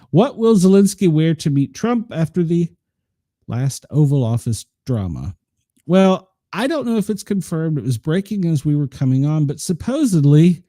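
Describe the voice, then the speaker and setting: A man's voice: a little high, mellow, no room sound, clean studio sound. A male radio host reading the news aloud, with chatty laughing asides and many restarts.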